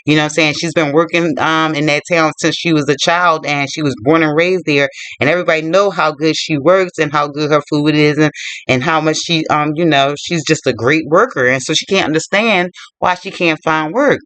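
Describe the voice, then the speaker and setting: A man's voice: on the high side, brisk, a bit bright, no room sound. Chatty man retelling a story. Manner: chatty, loose storytelling with many fillers and asides. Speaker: book vlogger. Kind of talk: casual book retelling.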